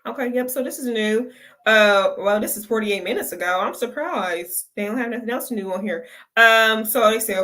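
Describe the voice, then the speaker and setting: A woman's voice: fairly high pitch, moderate pace, pushed and bright. A woman hosting a reaction video, talking unhurriedly and making blunt, profane asides. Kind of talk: casual reaction commentary.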